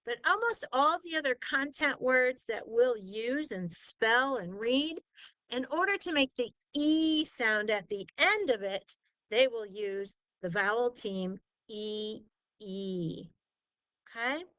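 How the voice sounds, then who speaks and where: A woman's voice: on the high side, animated, slow pace, fairly bright tone, clean tone, dry recording, dull audio. A woman tutoring spelling in a patient phonics lesson, drawing out vowel sounds and asking questions she then answers herself. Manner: asks leading questions and answers them herself.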